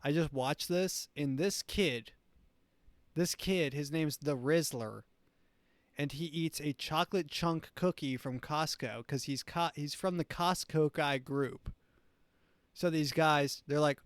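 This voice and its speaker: A man's voice: fairly high pitch, takes it slowly, clean tone, dry recording. A man hosting a comedy show who comments on clips in a rambling, mocking way. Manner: rambling, mocking, with frequent restarts. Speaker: show host.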